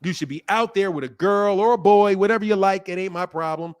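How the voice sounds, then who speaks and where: A middle-aged boxing channel host, seated at his home desk and leaning into his computer mic, ridicules a caller and laughs often in a heated live-stream argument. His voice is high and clean-toned, and he talks briskly.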